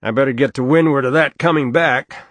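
A man's voice: medium pitch, fairly quick, a bit bright, dry recording, pitched above the performer's own voice, lightly acted. A man voicing a stern adult father in a read story, blunt and dry. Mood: gruff.

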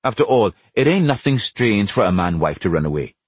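A man's voice: lowish voice, sing-song, a little fast, husky, no echo. A man voicing a blunt, commanding Trinidadian neighbourhood elder with a Trinidadian accent, in a storybook reading. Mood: soothing.

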